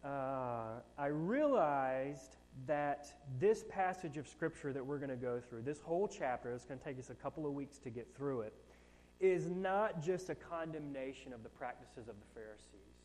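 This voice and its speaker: Storytelling pastor in a reverberant hall. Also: male voice, medium pitch, moderate pace. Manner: storytelling, self-mocking, animated emphasis. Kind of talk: sermon.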